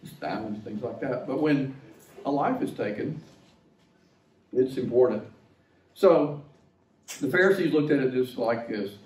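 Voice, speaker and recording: A man's voice: medium pitch, a little slow, pauses often, a little mellow, reverberant, distant mic, low-quality recording. A male pastor preaching a sermon in a conversational, illustrative way, with asides to the congregation.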